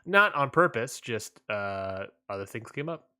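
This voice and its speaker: A man co-hosting a casual wrestling podcast, laid-back and rambling, often trailing off quietly at the ends of lines. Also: lowish voice, big pitch swings, unhurried, clear, resonant tone. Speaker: podcast co-host.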